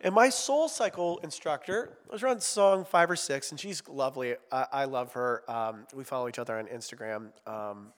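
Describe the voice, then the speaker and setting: A man's voice: mid-range voice, normal speed, hardly any pauses. A man preaching a conversational sermon as a pastor, chatty and self-deprecating, with joking asides. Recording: long reverb of a large hall.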